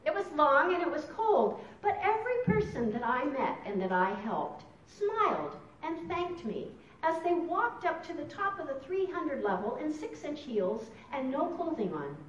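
A woman teaching a Bible study with emphatic, animated delivery, reading scripture aloud in a meeting room. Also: sits high, normal speed, few pauses, slight background noise. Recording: roomy, distant, dull sound.

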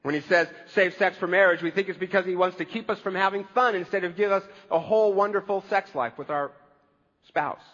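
A man's voice: high voice, a little fast, a bit bright, in a large hall, muffled recording. A man preaching a conversational sermon as a pastor, with wry humor.

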